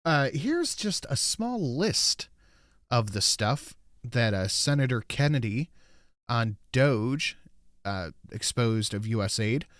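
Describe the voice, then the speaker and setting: A man's voice: medium pitch, sing-song, takes it slowly, a bit bright, no echo, clean studio sound. A man hosting a podcast, reading news stories aloud in a jokey, teasing way. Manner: jokey, teasing, laughs often. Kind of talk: casual chat, reading news items.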